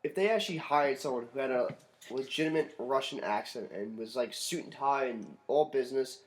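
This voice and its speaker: A man's voice: mid-range voice, fairly quick, rough recording. A young man co-hosting a casual wrestling podcast, who talks over the others and repeats his points. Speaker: podcast co-host.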